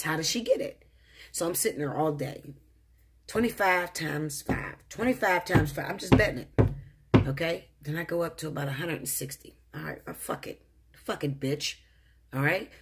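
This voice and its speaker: A woman's voice: deep voice, husky. Blunt, profane woman tarot reader. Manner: profane, blunt, animated, addresses viewer directly. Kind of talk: casual storytelling monologue.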